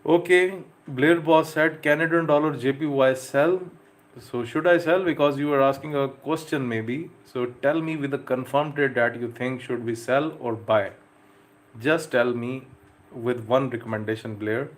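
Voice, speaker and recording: Halting man hosting a live stream. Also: medium pitch. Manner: hesitant, many fillers, reads chat names aloud. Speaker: live trading stream host. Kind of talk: live-stream commentary to chat.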